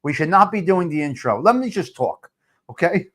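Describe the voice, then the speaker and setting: A man's voice: a little high, very animated, moderate pace. A man hosting a live stream, answering viewer comments in a blunt, profane, repetitive rant. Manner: blunt and fired up. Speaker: live-stream show host.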